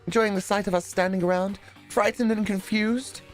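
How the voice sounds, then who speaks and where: A man voicing a panicky, sporty teenage girl in a video game, with a high, strained, frantic delivery. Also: fairly even intonation, moderate pace, soft background music, lightly acted. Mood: panicked. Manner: frantic, fearful.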